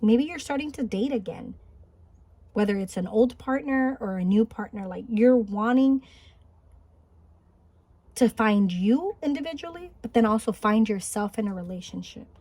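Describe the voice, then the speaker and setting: A woman with a fairly high voice leads a spiritual pick-a-card reading. She speaks in a gentle, encouraging way and thinks aloud, trailing into small restarts. The recording is close and dry. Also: animated, moderate pace, dry recording. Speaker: tarot card reader. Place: home, Highland Park, California.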